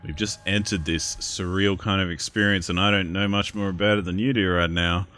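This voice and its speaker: A man's voice: sits low, fairly even intonation, brisk, bright, forceful tone, slight background noise. A man hosting a let's play video, chatting casually and joking as he reads through the game. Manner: chatty, laughs at himself. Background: game music.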